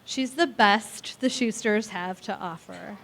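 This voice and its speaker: A woman's voice: medium pitch, slow, gravelly, a bit bright. Feisty, affectionate woman's wedding toast. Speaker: bride's sister giving a toast. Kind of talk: heartfelt wedding speech.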